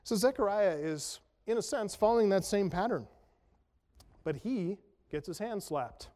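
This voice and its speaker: High-voiced preacher in a reverberant hall. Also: male voice, expressive, a little slow, warm tone. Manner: conversational, self-deprecating humor, rhetorical questions. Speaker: pastor. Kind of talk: expository sermon. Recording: long reverb of a large hall.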